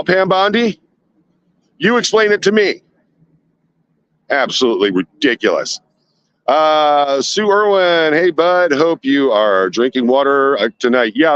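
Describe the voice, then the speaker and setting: A man's voice: on the high side, expressive, normal speed, fairly bright tone, smooth, no room sound. Indignant live-streaming man, dull phone audio. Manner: indignant rhetorical questioning, chatty asides. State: sweating. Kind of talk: casual live stream, reading chat. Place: outdoors downtown at night. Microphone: handheld phone.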